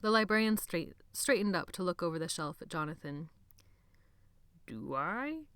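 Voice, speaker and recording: A woman narrates a novel in a slow, measured reading. Her voice sits a little low, and the recording is close and dry, with no room sound. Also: fairly bright tone, clean tone, no echo. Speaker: audiobook narrator. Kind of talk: scripted narration.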